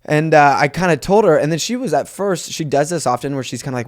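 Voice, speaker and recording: A young adult man co-hosting a comedy podcast, telling stories in a relaxed way and teasing playfully in casual banter. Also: medium pitch, fast talker, hardly any pauses. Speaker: podcast co-host.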